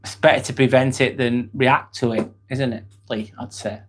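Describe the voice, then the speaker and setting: Speaking at a moderate pace with a steady tone and medium pitch, a man with an East Lancashire accent hosts a casual live chat. He's from Northwest England, reads out viewer comments, calls everyone mate, swears freely and keeps things relaxed and friendly.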